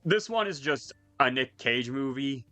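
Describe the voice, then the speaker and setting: Guy ranking movies with his pals, super animated, bright voice, dry close mic. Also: mid-range voice, a little slow, dry recording, faint music behind. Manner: excitable, laughs often, swears casually. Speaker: host. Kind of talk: casual chat with friends.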